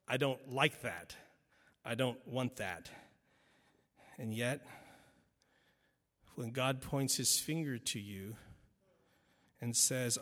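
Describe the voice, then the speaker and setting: A man's voice: medium pitch, takes it slowly, pauses often, fairly bright tone. A male preacher giving an emphatic sermon, driving points home by repetition and adding wry asides. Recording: long reverb in a large hall.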